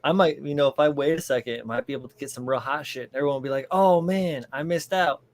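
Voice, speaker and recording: A man's voice: mid-range voice, fairly even intonation, very fast, slight background noise. A man on a stream chatting casually, joking and laughing often. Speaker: stream guest. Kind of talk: casual chat.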